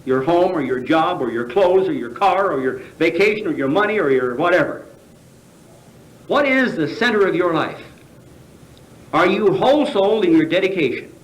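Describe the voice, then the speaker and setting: Here a high-voiced American man speaks expressively at a moderate pace, preaching to a convention audience. Rhetorical questions and fumbled fillers mark his delivery, captured with the echo of a large convention hall.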